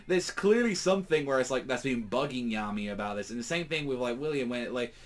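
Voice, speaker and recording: A man casually recapping an anime episode, rambling and excitable, with lots of filler words. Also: medium pitch, fairly quick. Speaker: anime reviewer.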